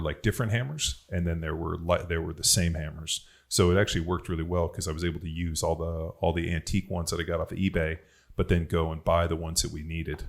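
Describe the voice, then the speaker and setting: Man, very deep voice, podcast host, casual rambling storytelling, swears freely. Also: vocal fry. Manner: loose, profane storytelling full of fillers.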